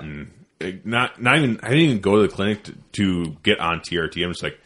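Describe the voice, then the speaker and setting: Very low-voiced blunt, profane man. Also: quick pace, a bit bright. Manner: blunt, profane, self-deprecating. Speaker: podcast host. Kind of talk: casual chat.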